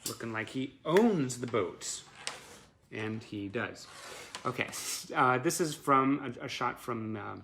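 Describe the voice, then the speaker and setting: A man talks casually and eagerly through his memorabilia on a home live stream, with lots of fillers. His voice is gravelly and creaky at a medium pitch. A faint hiss and some clicks sit behind it. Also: lively intonation, takes it slowly, fairly bright tone. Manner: chatty and enthusiastic, with many fillers. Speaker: collector showing memorabilia.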